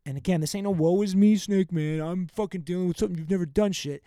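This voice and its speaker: A young American man with a fairly high yet dark-toned voice hosts his own podcast, rambling fast through a profane, heartfelt rant in a casual venting monologue. The sound is dry and close-miked with no room sound, and he occasionally breaks off to greet listeners by name.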